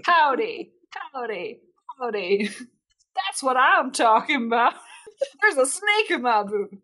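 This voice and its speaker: A woman's voice: a little high, very slow, voice pushed up, full character voice, poor audio. A woman doing a brash cowboy space captain. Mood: rowdy. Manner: loud, excited drawl attempt.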